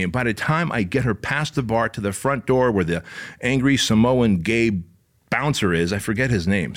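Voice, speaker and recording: A man's voice: medium pitch, a bit bright. A man telling a personal story in a casual, rambling way, full of profanity and fillers.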